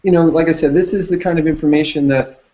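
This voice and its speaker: A man's voice: a little high, fairly even intonation, fast, dark tone, dull audio. A man speaking as an entrepreneur guest in a casual chat, sharing experiences and laughing easily. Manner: chatty, laughs easily, uses fillers. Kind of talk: casual conversation on a call.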